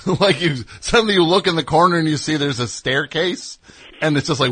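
A man hosting a comedy call-in radio show, answering a caller in a dry, deadpan, halting way. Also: fairly high pitch, breathy edge, dry recording.

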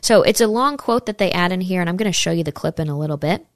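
A woman's voice: lowish voice, animated, quick pace, dry recording, studio quality. A woman hosting opinionated political commentary, sarcastic and incredulous, reading passages from articles aloud.

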